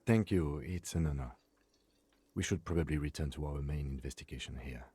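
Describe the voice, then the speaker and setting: Very deep, rough, dark inner voice of a detective's mind, dry analysis, close dry sound. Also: male voice, fairly quick, no room sound.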